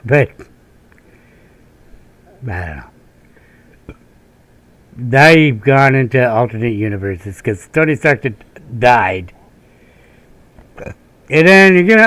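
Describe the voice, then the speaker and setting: A man from northern Minnesota rambles over his gameplay, drifting from one half-remembered tale to the next. He swears casually and chuckles at his own asides, in a voice of ordinary middle pitch. The recording is dry, with no room sound around him. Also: very animated, slow, pauses often, a bit bright, no echo. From northern Minnesota, USA. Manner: meandering, profane storytelling with frequent laughs and tangents. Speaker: gaming channel host. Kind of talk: rambling commentary during gameplay.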